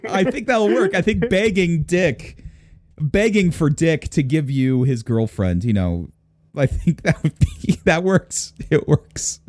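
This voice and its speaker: A man's voice: on the high side, lively intonation, takes it slowly, a little mellow, no echo, clean studio sound. A man hosting a podcast in casual banter, teasing and crude, laughing often. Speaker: podcast host.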